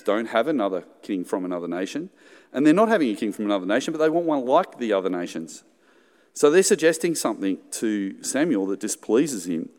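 Australian pastor preaching in a reverberant hall. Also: male voice, on the low side, darkish tone. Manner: conversational, joking asides, acts out quoted voices. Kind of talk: sermon.

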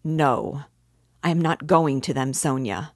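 A bitter, defiant young man who broods over every word, low and unhurried. A woman reader gives him voice in her own even reading tone, close to a dry mic. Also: no room sound. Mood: brooding defiant.

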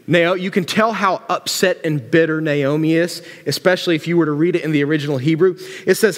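High-voiced joking preacher in echoing hall. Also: male voice, a little fast, few pauses. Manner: casual, joking, animated storytelling. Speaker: pastor. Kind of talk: sermon. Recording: long church-hall reverb.

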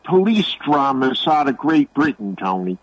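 A man who calls in regularly to a sports radio show, talking slowly and rambling with hesitations. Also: mid-range voice, sing-song, dry recording, poor audio. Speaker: regular caller. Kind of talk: casual sports talk.

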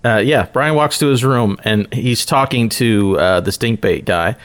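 A man at a tabletop game, playing his part with a mid-pitched, sheepish voice and frequent laughs. Faint music hums behind him. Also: a little slow, hardly any pauses. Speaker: player. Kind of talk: tabletop role-play.

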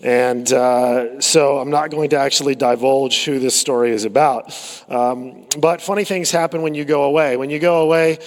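A man's voice: medium pitch, fairly even intonation, moderate pace. A man preaching a sermon, conversational and full of stories, with frequent fillers and repeated words. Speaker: pastor. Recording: long hall reverb.

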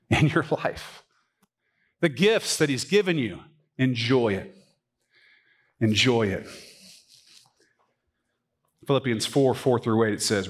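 A man who is a pastor preaching a sermon in a church, swinging from emphatic high points to quiet asides. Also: husky. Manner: animated, rising to emphatic peaks and dropping to quiet asides. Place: church sanctuary.

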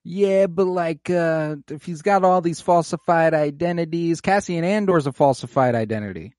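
A man's voice: on the high side, normal speed, a little mellow, no echo. Rambling man recapping a show, dry sound. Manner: loose, rambling, many fillers. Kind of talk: casual chat recapping an episode.

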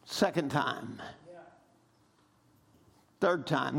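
A man preaching a sermon, retelling stories, breaking into shouts and calling for amens. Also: high-pitched, expressive, measured pace. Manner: preaching with rising shouts and call-and-response amens.

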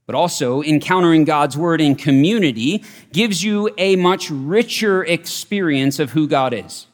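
Guy preaching a sermon, kinda high voice, says things twice for emphasis, big echoey hall. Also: animated, measured pace. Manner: earnest, repeats key phrases for emphasis. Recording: long reverb of a large hall.

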